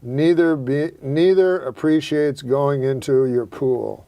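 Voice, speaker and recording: A middle-aged man hosting a talk show, telling rambling, profane anecdotes in a deadpan way. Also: mid-range voice, slow. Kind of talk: casual chat and anecdotes.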